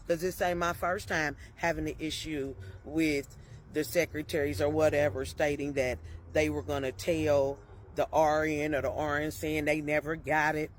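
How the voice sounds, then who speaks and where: A woman's voice: low voice, slight background noise. A woman telling a personal story in a casual, chatty way, often laughing and turning to her listeners with "y'all" and "okay?". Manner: laughs often between sentences.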